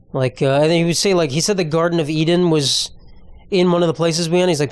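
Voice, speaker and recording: A young man talks on his own comedy podcast in a loose, rambling monologue, tossing out profanity with offhand ease. His voice sits a touch high for a man, and the close mic keeps it dry with no room sound. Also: fast talker, clear, resonant tone, dry recording. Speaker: podcast host.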